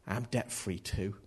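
Man, preacher, sermon, husky voice, casual joking delivery. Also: lowish voice, a bit bright. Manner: chatty, jokey, laughs at himself mid-story.

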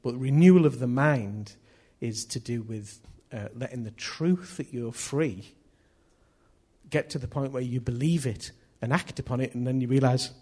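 A man's voice: mid-range voice, normal speed, darkish tone, husky. A man preaching a sermon in a chatty, jokey way, laughing at himself as he tells stories.

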